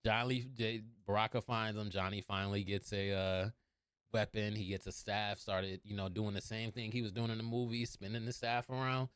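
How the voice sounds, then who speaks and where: A man recapping a movie scene by scene in a casual, animated way, laughing often and swearing. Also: lowish voice, normal speed, clean tone, dry recording, studio quality. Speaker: movie reviewer.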